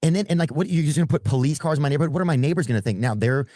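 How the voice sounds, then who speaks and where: Fast-talking man telling a rambling story. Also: fairly high pitch, dark tone, dry recording, clean studio sound. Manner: halting, searching for words.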